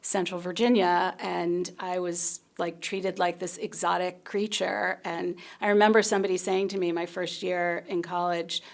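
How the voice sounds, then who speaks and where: Middle-aged woman, gravelly texture, chatty and animated as an interview guest in a TV studio. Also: on the low side, moderate pace, few pauses. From Long Island, New York. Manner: chatty, animated storytelling with many fillers. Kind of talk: casual conversational interview. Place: TV news studio.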